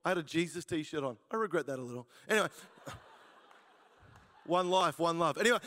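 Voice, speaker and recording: A man's voice: a little high, expressive, normal speed, a bit bright. A man, preaching his testimony as a jokey storyteller who laughs at his own lines. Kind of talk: sermon testimony. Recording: reverberant church hall.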